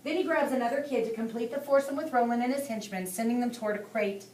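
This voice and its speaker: A woman's voice: on the high side, quick pace, a little mellow. Woman narrating with an echoey sound. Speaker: audiobook narrator. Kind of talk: scripted narration. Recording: echoey room, distant mic, faint hiss.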